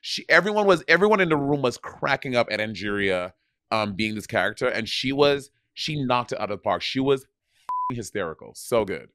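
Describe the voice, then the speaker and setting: A man's voice: mid-range voice, big pitch swings, moderate pace, bright, forceful tone, no echo. Male podcast co-host, casual and rambling, dry close mic. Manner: rambling, many restarts and fillers. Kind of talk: casual chat.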